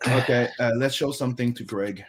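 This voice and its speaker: A man's voice: mid-range voice, brisk, noisy background. Casual man from canada chatting on stream. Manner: loose, swears freely, lots of "you know". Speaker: streamer co-host. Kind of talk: casual live-stream chat.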